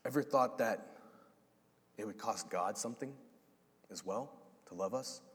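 A man preaching a sermon, animated and acting out the voices in his story. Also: lowish voice, measured pace. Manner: animated, acts out voices of God and Adam. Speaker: pastor. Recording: long hall reverb.

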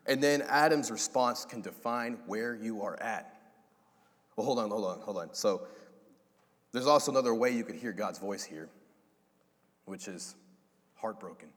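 Man, pastor, sermon, low voice, animated storytelling, long hall reverb. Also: normal speed. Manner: animated, acts out voices of God and Adam.

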